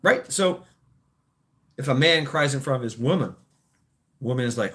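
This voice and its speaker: A man's voice: medium pitch, animated, moderate pace, pauses often, fairly bright tone. Rambling, opinionated male streamer. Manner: rambling, opinionated, stammering restarts; crude, swears freely. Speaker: livestream host. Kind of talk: casual livestream chat.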